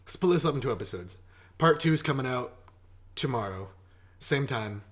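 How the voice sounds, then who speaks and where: A man's voice: medium pitch, expressive, moderate pace. A man co-hosting a casual podcast, teasing his friend with crude, sarcastic jokes. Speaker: podcast co-host. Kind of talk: casual joking chat.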